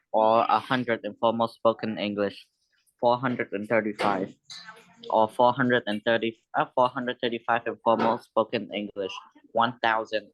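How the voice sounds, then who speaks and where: Guy reading out a lesson text, careful and even, dry close mic. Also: on the low side, no echo, muffled recording. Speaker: student reading a lesson aloud.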